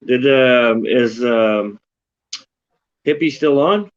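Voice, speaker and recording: A man's voice: mid-range voice, extremely slow, muffled recording. A man in casual chat on a livestream, laid-back and slangy. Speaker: stream chat participant.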